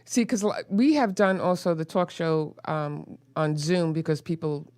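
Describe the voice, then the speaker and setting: A woman of Greek family from New York, co-hosting a casual talk show, excitable and quick to gasp and laugh. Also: deep voice, no room sound. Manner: excitable, gasping, laughs often. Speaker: co-host. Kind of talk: casual chat.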